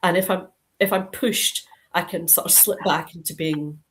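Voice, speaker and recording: Low-voiced Scottish woman, chatty. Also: fairly even intonation, moderate pace, fairly bright tone, a little hiss or hum, rough recording. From Scotland (Dundee). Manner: chatty, rambling, frequent ums and restarts. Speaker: crime author, guest. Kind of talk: casual video-call interview. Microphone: video call.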